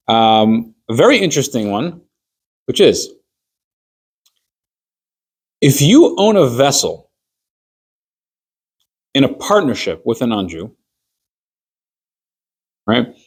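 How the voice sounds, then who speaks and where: A male rabbi gives an easygoing class in a mid-range voice, neither high nor low. He spins everyday hypothetical stories, slipping into quoted dialogue to act out little scenes, with relaxed fillers along the way. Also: a little slow, pauses often, slightly rough. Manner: conversational, walks through hypothetical stories with fillers. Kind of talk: informal Jewish law class.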